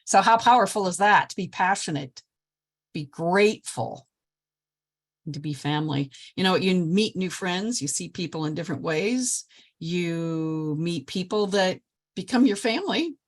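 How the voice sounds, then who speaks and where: A woman's voice: fairly low pitch, unhurried. An older woman from Nebraska, a past president of a service club, giving an enthusiastic motivational speech over a video call. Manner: lively, enthusiastic storyteller.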